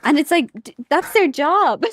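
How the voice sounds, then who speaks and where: A woman's voice: high voice, expressive, unhurried, no echo. A young woman from Ireland streaming a game, chatting casually with viewers in a giggly, rambling way, often correcting herself. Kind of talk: casual gameplay chat with viewers.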